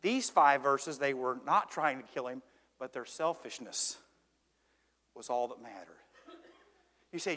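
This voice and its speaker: A man preaching a sermon as pastor, swinging between hushed intensity and shouted emphasis. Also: mid-range voice, animated, a little slow, pauses often. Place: church sanctuary. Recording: long church reverb.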